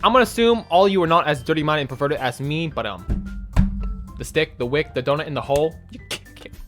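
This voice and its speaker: A young man doing let's play commentary on a visual novel, excitable and rambling, swearing and laughing often. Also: on the high side, quick pace, soft background music. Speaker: gameplay commentator.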